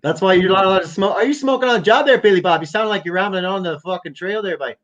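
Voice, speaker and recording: A man's voice: sits high, quick pace, a bit bright, highs cut off. Profane, rambling man host. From Canada. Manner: profane, rambling, joking banter. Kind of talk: casual chat.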